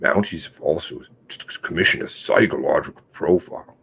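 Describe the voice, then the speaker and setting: A man hosting a casual livestream, reading and commenting on articles in a sarcastic, mocking way, with loud outbursts and low mutters. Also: a little fast, vocal fry, slight background noise. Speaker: livestream host.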